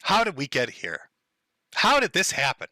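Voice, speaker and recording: Guy ranting on his stream, crude and sarcastic, bright voice that jumps all over. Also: on the high side, wildly swooping pitch, normal speed, dry recording. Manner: crude, sarcastic and mocking, often laughing. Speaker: livestream host. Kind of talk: casual livestream commentary.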